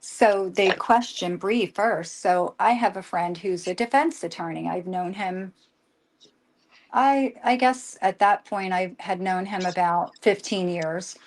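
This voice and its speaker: An older woman tells her family's story in an emotional live conversation, rushing and restarting as she quotes what everyone said. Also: medium pitch. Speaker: guest.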